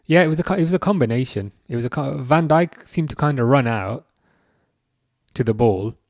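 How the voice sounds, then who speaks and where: A man's voice: mid-range voice, animated, brisk, gravelly, dry recording, studio quality. A young man hosting a live stream, reading viewer chat aloud and answering in a chatty, self-correcting way. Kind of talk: casual live chat commentary.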